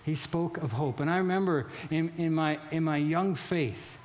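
A pastor with a high-pitched voice gives an animated, emphatic sermon, getting loud and worked up, often repeating words and restarting phrases. For the solemn, sad stories he drops to a quieter, slower, softer tone.

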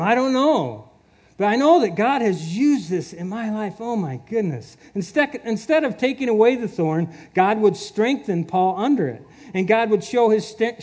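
Earnest male preacher, high-pitched and unhurried, prone to small laughs. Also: a little mellow. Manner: earnest, chuckles often, repeats words. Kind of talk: sermon.

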